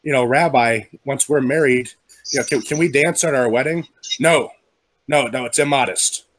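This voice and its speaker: Guy on a late-night group call, steady storyteller, dry close sound. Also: medium pitch, dry recording. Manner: smooth storyteller, quick voice changes for quoted characters. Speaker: podcast regular telling jokes. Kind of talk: casual group chat, telling jokes.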